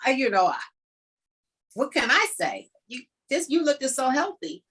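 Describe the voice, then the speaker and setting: A woman's voice: high voice, sing-song, measured pace, fairly bright tone, husky. A middle-aged woman from the United States, a kidney donor, telling her story in an emotional way and acting out old conversations in quotes. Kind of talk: personal storytelling.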